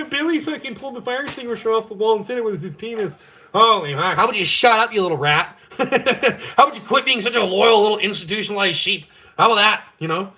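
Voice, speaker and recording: Young canadian guy ranting on stream, swears a ton, talks super fast, bright sharp voice. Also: sits high. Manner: profane, blunt, fired-up ranting. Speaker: live-stream host. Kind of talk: ranting casual chat.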